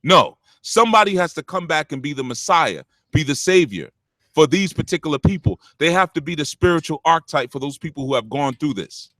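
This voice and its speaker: A man with a deep, punchy voice, preaching blunt spiritual talk to callers on his show, animated and swearing freely. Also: no room sound. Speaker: spiritual teacher hosting a call-in show.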